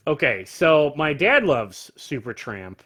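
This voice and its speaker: A man in his thirties speaks in a bright, forceful voice as a guest on a casual chat. He gives blunt, opinionated verdicts and laughs often, talking from his home bar. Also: fairly high pitch, sing-song, slow. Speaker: podcaster guest.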